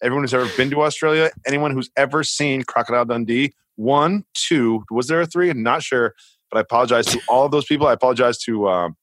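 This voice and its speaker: A man co-hosting a podcast in casual chat, animated, sarcastic and rambling. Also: mid-range voice, fast talker, no room sound. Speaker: podcast co-host.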